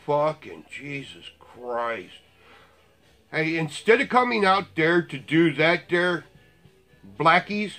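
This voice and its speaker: A man's voice: mid-range voice, pushed and bright. Blunt, profane man ranting. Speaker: vlogger. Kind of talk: ranting commentary.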